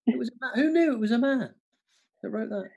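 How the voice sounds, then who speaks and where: A panto comic co-hosting a livestream music quiz, jokey and chatty, often stumbling and restarting. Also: male voice, extremely high pitch, expressive, fast talker, vocal fry, a little mellow, highs cut off.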